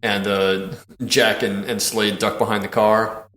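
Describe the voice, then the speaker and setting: A man's voice: fairly low pitch, little pitch movement, measured pace, a bit bright, echoey room, slight background noise. A man hosting a podcast, casually and animatedly retelling comedy film scenes, laughing often and swearing. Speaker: podcast host.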